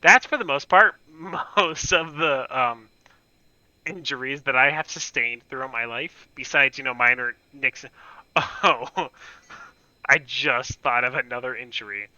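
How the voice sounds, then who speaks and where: A man's voice: medium pitch, measured pace, sharp tone, clear, resonant tone, no echo, dull audio. A man telling a rambling story while playing a game, laughing often and swearing casually. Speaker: gaming streamer. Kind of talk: casual anecdote while gaming.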